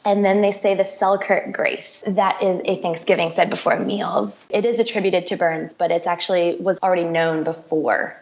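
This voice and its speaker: A woman's voice: lowish voice, flat delivery, normal speed, few pauses, darkish tone. A woman guest in a casual interview, explaining things in a chatty way with frequent repeats. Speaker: podcast guest. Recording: dull lo-fi sound.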